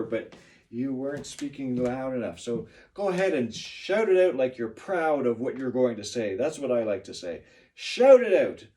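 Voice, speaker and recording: A man's voice: medium pitch, a little mellow, far from the mic. A man teaching a class, praising students by name and giving pronunciation feedback.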